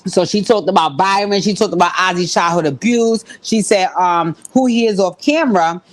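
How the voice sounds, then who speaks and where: A woman recapping a TV episode in a casual, animated way, full of profane slang. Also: fairly low pitch, moderate pace. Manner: acts out quoted lines in shifting voices.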